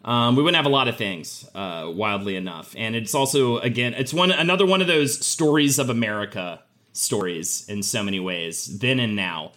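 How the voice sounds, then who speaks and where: Male podcast co-host, bright forceful tone, animated and loose. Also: medium pitch, moderate pace. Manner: animated, laughs often, trailing restarts. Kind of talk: casual podcast chat.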